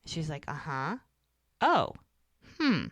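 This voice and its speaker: A woman co-hosting a podcast, chatting casually and retelling scenes with animated acted-out dialogue. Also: sits low, moderate pace, no room sound. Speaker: podcast co-host. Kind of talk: casual chat recapping a TV episode.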